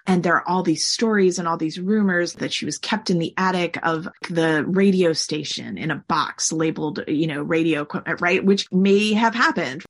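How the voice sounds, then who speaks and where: A woman with a low, husky voice talks through a long story as an interview guest. She is chatty and loose, filling her talk with "like" and putting on voices for the people she quotes. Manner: chatty, uses "like" often, animated quotes. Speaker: guest expert. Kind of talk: conversational interview.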